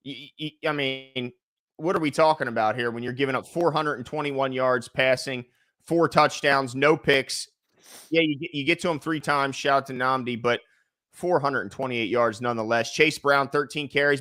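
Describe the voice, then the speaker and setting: Bright-voiced man rattling off stats. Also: medium pitch, dry recording, clean studio sound. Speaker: sports podcast host. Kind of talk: casual sports talk.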